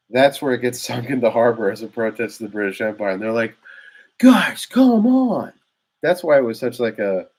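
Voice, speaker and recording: A man giving a rambling, casual history explainer, full of fillers and restarts, recorded indoors on a microphone. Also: medium pitch. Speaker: history vlogger. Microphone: new desk microphone.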